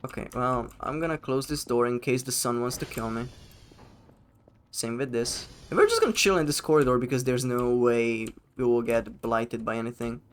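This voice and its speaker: A man's voice: mid-range voice, animated, moderate pace, a little hiss or hum. A man live-streaming a game, chatting casually with his chat, rambling and swearing freely.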